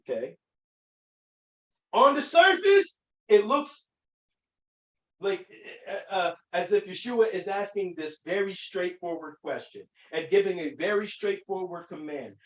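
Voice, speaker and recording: High-voiced man teaching scripture, echoey. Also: lively intonation, unhurried, fairly bright tone, distant mic. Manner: emphatic, with many restarts and fillers. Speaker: Bible teacher. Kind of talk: teaching sermon.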